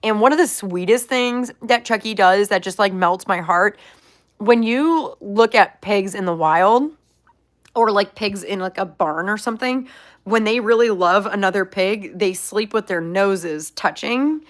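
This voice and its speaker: In a mid-range voice and at a slightly slow pace, a young woman chats about her pet pig and answers viewers' questions. The channel host is upbeat and talkative, filling her speech with plenty of "like."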